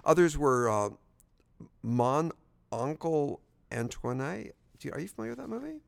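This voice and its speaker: A man's voice: fairly high pitch, sing-song, normal speed, vocal fry, dry recording. A male co-host of a movie podcast, fussy and self-described anal compulsive, trading playful banter in casual chat.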